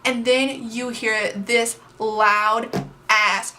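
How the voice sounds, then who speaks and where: A young adult woman telling a story on her vlog, chatty and animated, with plenty of filler words. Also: on the high side, extremely slow, background noise. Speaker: vlogger. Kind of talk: casual storytime.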